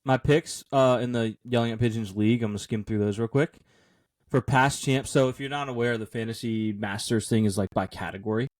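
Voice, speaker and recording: A man chatting on a sports podcast in a dry, close recording with no room sound. He keeps things playful, tossing out jokes and goofy asides. His voice sits at an ordinary middle pitch. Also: brisk, dry recording. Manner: joking, playful banter. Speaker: podcast co-host. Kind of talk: casual sports chat.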